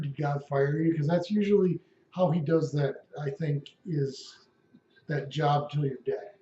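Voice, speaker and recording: A man's voice: fairly high pitch, steady tone, measured pace, mellow. A man at home delivering a wry, rambling, profane comic monologue. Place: at home, indoors. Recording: echoey room, dull lo-fi sound.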